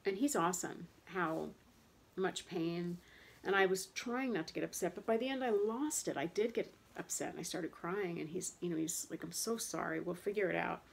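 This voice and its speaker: A woman in her thirties with a low, gravelly voice speaks in a casual, rambling monologue, full of fillers and restarts. Her talk is candid and frustrated, and she loops back over the same point as she goes. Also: lively intonation, moderate pace. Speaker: vlogger talking about chronic pain.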